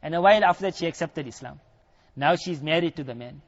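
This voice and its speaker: A man's voice: fairly high pitch, fast talker. A man with a South African accent, preaching and retelling a story full of quoted dialogue. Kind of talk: storytelling sermon. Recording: dull lo-fi recording.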